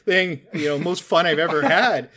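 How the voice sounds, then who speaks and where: A man's voice: a little high, pushed and bright. A man voicing an evil red dragon in a tabletop game, delighted and cruelly amused. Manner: delighted, hurried, pushing.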